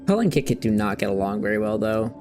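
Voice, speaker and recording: A man's voice: fairly low pitch, big pitch swings, fast, darkish tone, soft background music. A man hosting a gaming video, chatting casually in a rambling, candid way and swearing now and then. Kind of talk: casual chat while playing.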